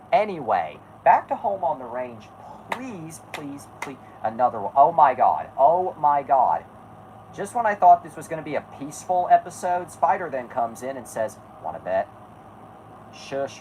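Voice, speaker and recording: A streamer reacting aloud to a video, loud and excitable, swearing and laughing a lot. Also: medium pitch, background noise. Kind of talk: reacting while watching a video.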